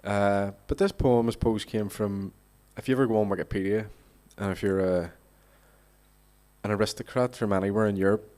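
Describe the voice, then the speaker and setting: A man's voice: lowish voice, fairly even intonation, normal speed, darkish tone. A male poet chatting on a theatre stage, joking and hesitant, often restarting. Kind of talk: casual chat at a literary reading.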